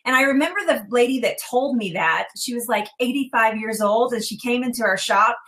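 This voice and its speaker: Frank, higher-pitched woman telling stories. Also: brisk, fairly bright tone. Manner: frank, chatty storyteller. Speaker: breast cancer survivor guest. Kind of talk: casual panel chat.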